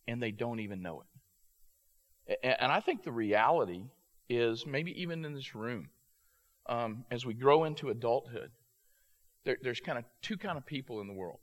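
A man giving a storytelling sermon, animated and prone to quick restarts. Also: mid-range voice. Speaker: youth ministry speaker.

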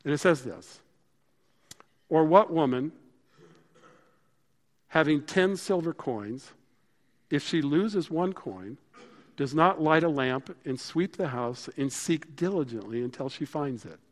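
Animated preacher man in a reverberant hall. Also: on the high side, slow, long pauses. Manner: conversational, animated, drops to a hushed voice for emphasis. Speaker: pastor. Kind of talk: sermon.

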